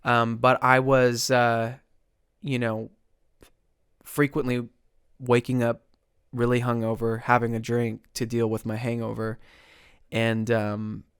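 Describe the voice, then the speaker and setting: A young man telling his recovery story as a podcast guest, earnest and halting, with many restarts. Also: mid-range voice, completely flat delivery, clear, resonant tone, no room sound, studio quality.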